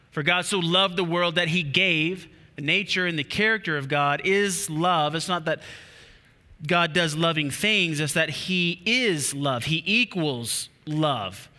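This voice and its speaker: A fairly high-voiced male pastor, preaching animatedly with playful asides to his congregation. His voice is bright and forceful. Long reverb from the church hall trails after him. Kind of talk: sermon. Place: church auditorium.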